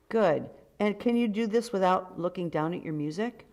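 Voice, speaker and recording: An older woman directing a choir rehearsal, coaching briskly and warmly, sometimes singing lines to demonstrate. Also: on the low side. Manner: brisk, encouraging, gives sung demonstrations. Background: choir and piano music.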